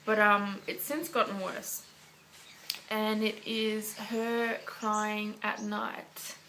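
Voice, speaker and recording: A woman's voice: medium pitch, little pitch movement, drawn-out words, sharp tone, slight background noise. An Australian woman chatting casually to camera as a parenting vlogger, rambling along with lots of fillers.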